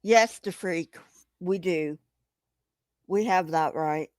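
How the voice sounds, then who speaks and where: A woman's voice: lowish voice, slow pace, no echo. A woman hosting a casual livestream, talking to her chat in an emphatic, profane, agitated way. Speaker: livestream host reading chat.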